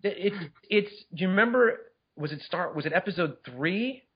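A man co-hosting a casual movie chat, talking in excited, incredulous bursts with many restarts. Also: high voice, moderate pace, husky, highs cut off. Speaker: podcast co-host.

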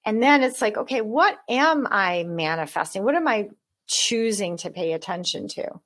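A woman's voice: medium pitch, lively intonation, normal speed, a bit bright. Earnest woman explaining her method. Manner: earnest, explanatory, repeats words as she goes. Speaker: author and guest. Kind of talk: conversational interview.

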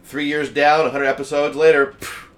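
A man's voice: on the high side, flat delivery, moderate pace. A man co-hosting a casual podcast, playful and emphatic. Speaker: podcast co-host.

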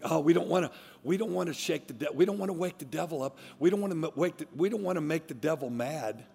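A man preaching a sermon as pastor, swinging from quiet, low asides to loud, emphatic declarations. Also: quick pace, gravelly, breathy edge, big-room sound, soft background music. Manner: fervent, emphatic preaching with repeated restarts.

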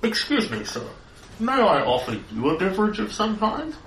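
A prissy, fussy devil with a lilting voice that rises high in his throat as he offers drinks, put on by a man. He is courteous to a fault, with a wide swooping pitch. The mic picks him up from a distance in a roomy space. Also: huge pitch swings, moderate pace, fairly bright tone, slight background noise, exaggerated voice. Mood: solicitous. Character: polite, prim male devil host.

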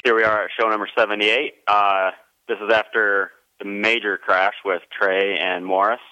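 A man's voice: fairly low pitch, level tone, moderate pace, bright, forceful tone. A man recapping past episodes of a podcast in a matter-of-fact way, on a slightly muffled recording. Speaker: co-host recapping past shows. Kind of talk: casual show recap.

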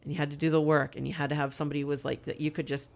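A woman's voice: sits low, flat delivery, racing, creaky. A woman telling her personal faith testimony as an interview guest, earnest and candid.

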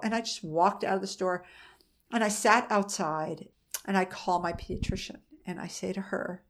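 Speaking at normal speed in a mid-range voice, a middle-aged mother of an autistic son is an interview guest. She shares a personal story in a candid, conversational way.

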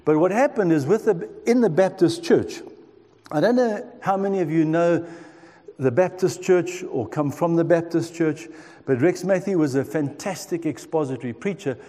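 A man in his sixties gives a heartfelt sermon, recounting his own story and turning to his listeners. His voice sits a bit high but sounds mellow and warm, with a long reverb trailing off each phrase as in a large hall. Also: normal speed. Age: 60s. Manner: earnest storytelling, addresses the listeners. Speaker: preacher. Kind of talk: sermon testimony.

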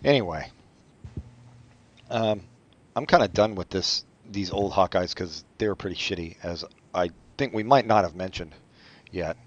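A man co-hosting a casual podcast chat about comics, rambling and making deadpan jokes, in a dull lo-fi recording. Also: low-pitched, unhurried, long pauses. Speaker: podcast co-host.

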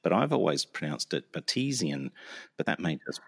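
A man's voice: rumbling low, big pitch swings, brisk, gravelly, breathy edge. A middle-aged man co-hosting a podcast, explaining a news article in casual chat, hesitant, with lots of uhs and ums. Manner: hesitant, self-deprecating, lots of uh and um. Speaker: podcast co-host.

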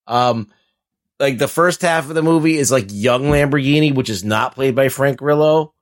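A man's voice: medium pitch, moderate pace. A man co-hosting a casual podcast, rambling through movie recaps with frequent swearing and laughter. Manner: rambling, profane, laughs while talking. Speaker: podcast co-host. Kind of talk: casual chat.

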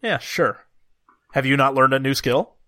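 A man's voice: mid-range voice, moderate pace, fairly bright tone, no room sound. A man hosting a podcast, chatting casually with dry, joking asides. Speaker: podcast host.

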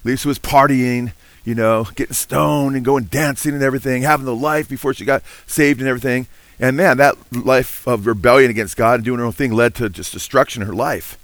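A man's voice: mid-range voice, fairly even intonation, brisk, a bit bright, dry recording. A middle-aged man preaching a sermon, earnest and building in intensity, punctuating his points with "amen". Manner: earnest preaching with frequent "amen" and rising emphasis. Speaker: pastor.

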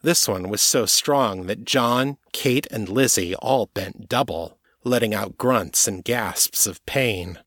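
A man narrating an audiobook chapter in a steady, even storytelling manner. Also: lowish voice, slow, few pauses, no echo, clean studio sound.

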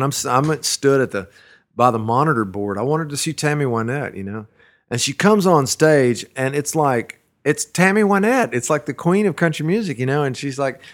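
A middle-aged man, a musician, spins anecdotes in an easy, unpolished way. His sentences wander and restart, and he is quick to laugh at himself. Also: medium pitch, a bit bright. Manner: rambling, many fillers and restarts, laughs at his own stories. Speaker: musician recalling his career. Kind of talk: casual storytelling interview.

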